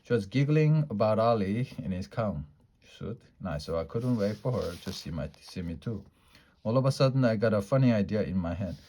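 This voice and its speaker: A man reading a children's storybook aloud in a lively, playful way. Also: lowish voice, fairly quick, a little hiss or hum. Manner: lively, playful character voices in a child's first-person story. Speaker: storybook reader.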